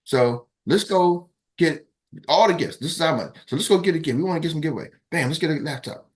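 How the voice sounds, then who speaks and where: A man speaks, a coach hosting his team's morning call. He tells his stories with energy, and his voice jumps higher whenever he acts out what someone said. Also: fast talker. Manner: animated storyteller, acts out quotes in raised voices. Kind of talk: casual storytelling to a team.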